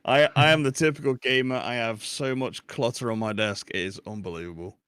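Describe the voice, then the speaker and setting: A man's voice: medium pitch, fairly quick, fairly bright tone, smooth, dry recording, studio quality. A man in his forties, chatting casually and laughing often as a podcast guest. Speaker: guest streamer.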